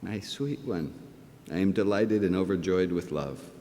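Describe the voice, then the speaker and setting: A man's voice: measured pace, dark tone. A middle-aged man speaking as a rabbi at a ceremony, emotional and tender, close to tears. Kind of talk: heartfelt ceremony speech. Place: large hall at a ceremony. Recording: echoey hall, faint rumble.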